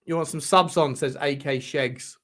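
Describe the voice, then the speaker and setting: A man hosts a live football watchalong, talking over the match in a somewhat high voice. He is excitable and swears freely, and breaks into shouts at the referee when a call goes against his team. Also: normal speed. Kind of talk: live match commentary and reaction.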